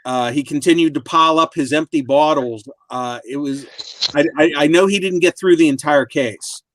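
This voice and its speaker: Male co-host, casual rambling storyteller, slightly raised pitch. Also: fairly bright tone, slight background noise. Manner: rambling recounting with filler pauses. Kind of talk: casual chat. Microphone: video call.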